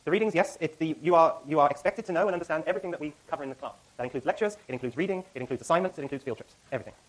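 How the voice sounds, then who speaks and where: A middle-aged man, a university lecturer, giving class announcements in a lecture hall, talking rapidly with many fillers and self-corrections. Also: a little high.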